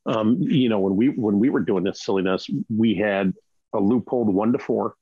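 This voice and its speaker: Brief: low, gravelly male panelist, husky edge, emphatic casual talker. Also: moderate pace, no room sound, phone-quality sound. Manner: emphatic, keeps asking "right?". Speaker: podcast panelist.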